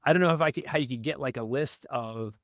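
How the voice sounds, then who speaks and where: This medium-pitched man talks fast in a clean studio with no echo. Appearing as a real estate wholesaling guest on a podcast, he gives an upbeat, coaching walkthrough of cold-calling and repeatedly asks "right?".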